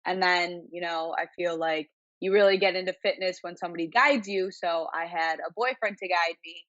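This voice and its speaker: Twenty-something chicago-area woman, lowish voice, chatty guest with lots of ums, kinda muffled dry audio. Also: normal speed, fairly bright tone, no room sound. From Illinois, near Chicago. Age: 20s. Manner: chatty storytelling with many fillers. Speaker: interview guest, bodybuilder. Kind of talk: casual interview chat.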